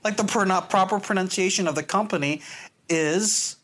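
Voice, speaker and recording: A man's voice: sits high, moderate pace, fairly bright tone. A man in casual conversation who stumbles and repeats words, then argues playfully over how words are said. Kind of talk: casual banter.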